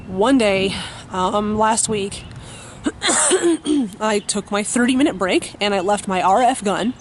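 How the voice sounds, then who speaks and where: A woman's voice: medium pitch, a little hiss or hum. Blunt, foul-mouthed woman vlogging at home. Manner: blunt and profane, many fillers. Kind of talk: casual storytelling to camera.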